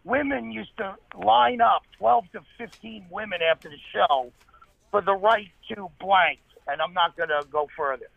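A high-pitched man with a gravelly edge tells comedy stories with animated energy and quick asides. He sounds like he's on a tinny phone line, dry and close. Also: no room sound. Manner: animated anecdotes, fast asides. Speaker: comedian guest. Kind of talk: storytelling interview.

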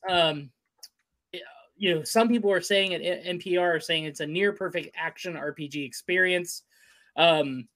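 A man's voice: high-pitched, pushed and bright. A man hosting a casual sports and gaming talk show, upbeat and rattling off lists of scores and stats. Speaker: host.

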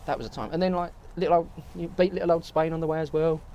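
A man's voice: on the high side, fairly even intonation, fast talker, a crowd in the background. A man with a Birmingham accent co-hosting a casual football chat show, talking in a chatty, bantering way. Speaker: podcast co-host.

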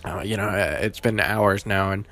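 A man hosting his own podcast, casual and halting, with many fillers and restarts, emotional and holding back tears. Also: lowish voice, a bit bright. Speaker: podcast host.

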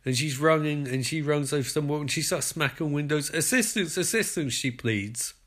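A British man hosting a podcast, giving an excitable, sarcastic, sweary running commentary on a show. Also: fairly high pitch, moderate pace. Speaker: podcast host.

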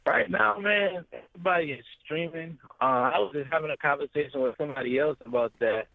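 A male musician being interviewed, answering in a relaxed, agreeable way. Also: on the high side, fairly quick, vocal fry, dry recording. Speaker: guest musician. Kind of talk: casual interview chat. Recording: dry, tinny phone-like line.

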